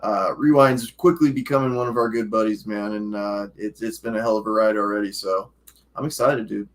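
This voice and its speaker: Man, podcast co-host, monotone, lowish voice, easygoing, lots of uhs. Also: brisk. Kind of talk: casual chat.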